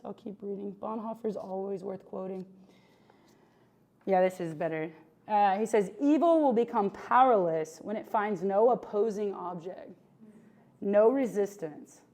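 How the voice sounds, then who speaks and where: A woman giving a relaxed, conversational sermon at a middle pitch. She talks in a chatty, animated way, full of fillers and quick asides to the people listening. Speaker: preacher.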